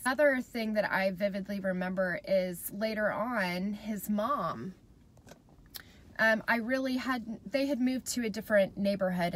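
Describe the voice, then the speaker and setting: Speaking straight to her viewers, a thirties-aged mom vlogger tells a personal story on camera, warm and conversational. Her pitch is fairly high.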